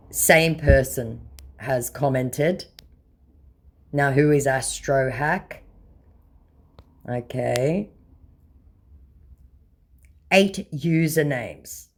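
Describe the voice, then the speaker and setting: A woman's voice: rumbling low, darkish tone. A woman hosting a scambaiting channel, talking casually and bluntly with sarcasm while reading out chat exchanges.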